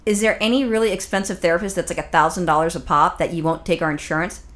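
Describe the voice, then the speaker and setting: A woman co-hosting a podcast who talks fast and cracks jokes. Her delivery is blunt and profane, and she stays in casual banter with her partner. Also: fairly low pitch, fairly even intonation, a bit bright. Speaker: podcast co-host. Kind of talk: casual chat.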